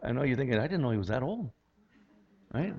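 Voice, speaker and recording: A man's voice: medium pitch, lively intonation, fast talker, a little mellow, slightly rough. A man in his sixties, a pastor preaching a conversational, humorous sermon full of rhetorical questions. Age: 60s. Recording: lo-fi dull sound.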